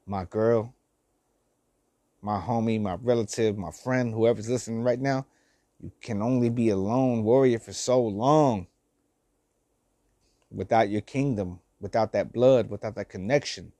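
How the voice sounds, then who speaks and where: A man's voice: on the low side, measured pace, pauses often, dark tone, no room sound. Older man preaching forgiveness, dry sound. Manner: heartfelt, preachy, repeats phrases, swears, slangy. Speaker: vlogger giving life advice. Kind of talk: emotional motivational monologue.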